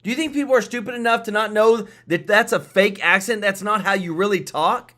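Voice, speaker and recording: A man's voice: high voice, fairly quick, sharp tone. A man co-hosting, reacting in casual chat with an exasperated, indignant manner. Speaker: co-host.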